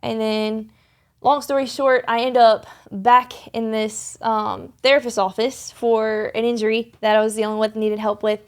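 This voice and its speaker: A young woman with a slightly high voice tells a personal faith story as a podcast guest. She talks earnestly and loosely, doubling back on her words and filling the gaps with ums and likes. Her tone is sincere and conversational, recorded in a studio. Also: little pitch movement, normal speed. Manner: earnest, rambling with many restarts and fillers.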